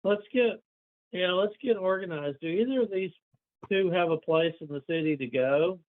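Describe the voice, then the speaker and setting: Slightly high man on a tinny line. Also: normal speed. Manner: exasperated, organizing the group. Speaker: player. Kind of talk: casual tabletop play.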